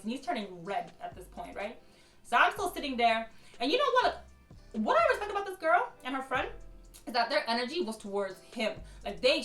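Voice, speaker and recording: A woman with a fairly high voice tells a storytime vlog in an animated, slangy way and keeps calling out to her viewers. She sounds like she is in an echoey room, with music playing faintly underneath. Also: far from the mic. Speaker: storytime vlogger. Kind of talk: casual storytelling to camera.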